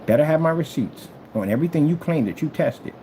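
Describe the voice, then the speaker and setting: A man's voice: fast, slight background noise. A man showing off his product in a vlog, taunting a rival and repeating his jabs. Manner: taunting and trash-talking, repeats phrases; animated swings between loud and low. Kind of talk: boastful product demo vlog.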